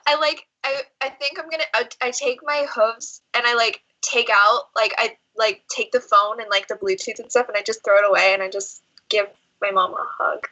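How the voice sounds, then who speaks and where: Woman, tabletop player, bright, sharp, chatty, filler-heavy. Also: fairly high pitch, fairly even intonation, moderate pace, few pauses, lo-fi sound. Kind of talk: casual chat and in-character play.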